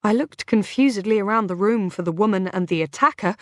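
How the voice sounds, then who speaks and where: A woman's voice: medium pitch, brisk, a bit bright, no echo, clean studio sound. A woman reading a thriller audiobook in first-person scripted narration, with tense, dramatic delivery.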